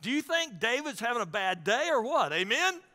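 A man's voice: very high-pitched, very animated, normal speed, pushed and bright, long reverb tail. A man pastor preaching a sermon in a conversational way, calling out to the congregation.

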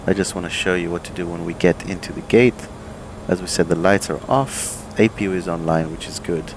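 A man, an airline pilot, calmly walking through aircraft procedures in a relaxed, think-aloud way, with plenty of fillers and restarts. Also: sits low, a little fast, noisy background. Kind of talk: casual instructional walkthrough. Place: home desk with flight simulator.

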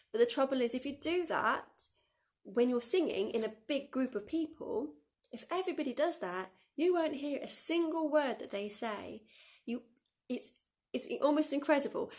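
A woman, a school music teacher recording a lesson for her pupils, who counts them in and sings the lines to show how they go. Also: a little high. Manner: encouraging, counts pupils in and demonstrates by singing. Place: dim room.

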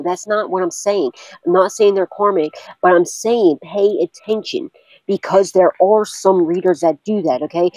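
A woman's voice: on the low side, mellow, slightly rough, poor audio. A woman tarot reader in a casual vlog, talking bluntly and cursing often while she repeats urgent warnings to her viewers.

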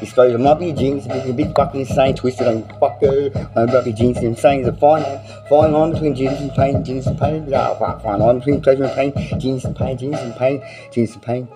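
A man's voice: mid-range voice, fairly even intonation, fast, soft background music, low-quality recording. A man freestyle rapping, repeating lines in rambling, profane rhymes. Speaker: freestyle rapper. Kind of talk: freestyle rap over a beat. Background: loud beat playing.

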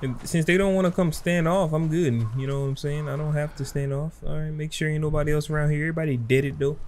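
A man's voice: a little high, steady tone, fast, darkish tone, slight background noise. A young man hosting a let's play, commenting in a slangy, trash-talking way as he fights through a game. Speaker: gaming channel host. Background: game music.

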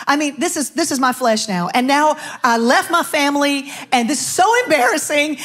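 A woman pastor, middle-aged, tells her testimony to her church in an animated, storytelling way. Her voice sits a little high, and she slips in and out of the voices of the people she quotes. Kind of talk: sermon testimony. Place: church stage.

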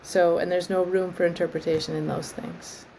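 A woman arborist trainer as an interview guest, explaining in a thoughtful, measured way and often restarting her phrases. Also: lowish voice, little pitch movement, creaky, dark tone, slight background noise, rough recording. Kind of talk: conversational interview.

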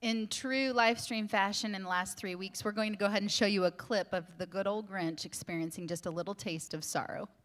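Female co-pastor, mid-pitched, relaxed and candid sermon talk with easy laughter. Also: a little fast, few pauses. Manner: chatty, laughs easily, candid. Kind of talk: conversational sermon.

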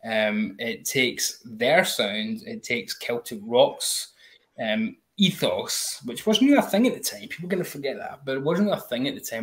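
A man's voice: medium pitch, a bit bright. Enthusiastic man reviewing an album. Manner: enthusiastic, many "um" fillers; hums and sings snatches of riffs. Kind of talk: casual album review chat.

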